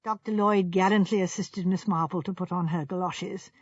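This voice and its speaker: Woman, audiobook narration, measured, breathy, dry lo-fi sound. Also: lowish voice, steady tone, dry recording. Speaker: audiobook reader. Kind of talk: scripted narration. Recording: dull lo-fi recording.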